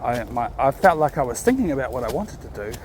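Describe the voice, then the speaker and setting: A man talking casually and reflectively while walking his dog in a park, sometimes calling out loudly to it. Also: medium pitch, big pitch swings, quick pace, slight background noise. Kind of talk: casual outdoor vlog narration. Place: outdoors in a park.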